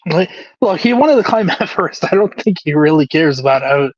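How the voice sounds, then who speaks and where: A man's voice: on the high side, expressive, normal speed, dry recording. A man co-hosting a casual wrestling recap, joking and laughing through his lines. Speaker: podcast co-host. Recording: dry, dull lo-fi recording.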